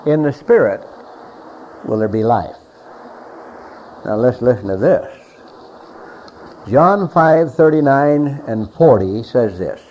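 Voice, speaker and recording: A middle-aged man preaching a sermon emphatically, repeating phrases and swinging between loud and quiet. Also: fairly high pitch. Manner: emphatic, repeats phrases, rises and drops in volume. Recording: dull lo-fi recording with faint hiss.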